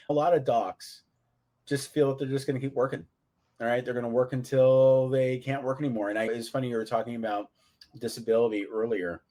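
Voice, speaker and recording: A man's voice: fairly low pitch, fairly quick, warm tone, rough recording. Chatty male podcast host. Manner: casual, chatty. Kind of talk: podcast interview.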